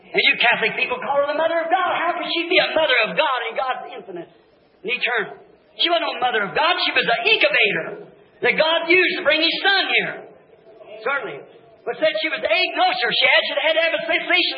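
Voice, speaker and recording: A man preaching a revival sermon, shouting fervent declarations and then dropping to hushed, low passages. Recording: dull echoey old tape recording.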